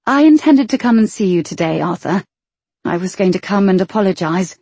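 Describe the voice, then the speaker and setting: A woman voicing an impulsive, spirited young lady who talks in an animated, dramatic way. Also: medium pitch, fairly quick, slightly rough, no echo. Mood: earnest.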